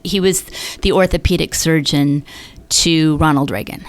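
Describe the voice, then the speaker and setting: A middle-aged woman from Northern California, a podcast guest chatting casually and telling lively stories, acting out quoted voices. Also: normal speed. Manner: chatty storyteller who acts out quoted voices with big pitch jumps. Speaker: podcast guest, yoga business founder. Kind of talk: casual interview storytelling.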